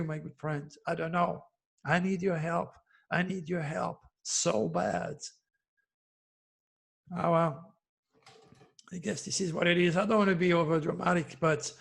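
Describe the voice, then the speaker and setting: A man's voice: fairly high pitch, gravelly, breathy edge. A man in his seventies, an astrologer giving an impassioned, preachy monologue straight to his listeners and calling them his good friend. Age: 70s. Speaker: astrologer host. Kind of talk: direct-to-camera monologue.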